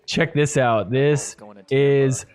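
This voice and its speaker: A man's voice: medium pitch, drawn-out words, clear, resonant tone. Laughing male podcast host reacting to clips. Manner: animated, laughs often, mock voices for players.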